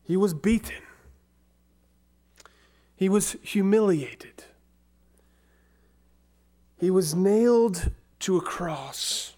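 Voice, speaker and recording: Man, preacher, sermon, slow deliberate delivery, hushed dramatic drops. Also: high voice, animated. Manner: slow, dramatic, dropping to a near whisper on key words. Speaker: pastor.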